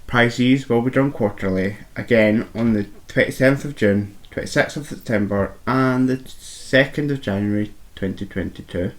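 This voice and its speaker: A man's voice: medium pitch, normal speed, hardly any pauses. A man co-hosting a podcast who reads the rules in a playful, teasing way. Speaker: podcast co-host. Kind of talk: casual chat.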